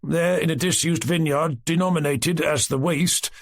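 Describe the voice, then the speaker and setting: A man's voice: a little high, normal speed, pitched above the performer's own voice. A man voicing a pompous old Cossack officer who puts on fancy, wordy speech.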